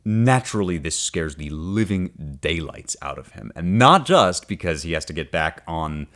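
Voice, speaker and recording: Man, low voice, podcast host, casual teaching talk, wry, conversational. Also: moderate pace. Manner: conversational, often checks in with "right?"; wry and animated, reads passages aloud then unpacks them.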